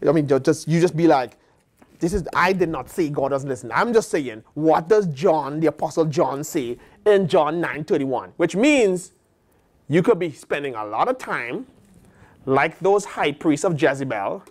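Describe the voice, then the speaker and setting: A man's voice: fairly high pitch, expressive, unhurried. A man with an American accent, a pastor preaching a sermon and acting out the voices of God and the prophets.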